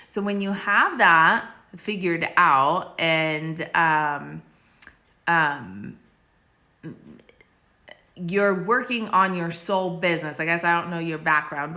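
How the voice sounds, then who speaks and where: Live-stream host, young woman, bubbly, chatty, reads comments, bright lowish voice. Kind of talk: casual live-stream chat answering viewer questions. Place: countryside village home. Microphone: phone.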